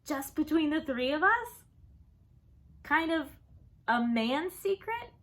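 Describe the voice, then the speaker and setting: A woman's voice: sits high, very animated, slow pace, fairly bright tone, pitched above the performer's own voice, heavily acted. A woman voicing a proud, bumbling father in a storybook reading, hearty and coaxing.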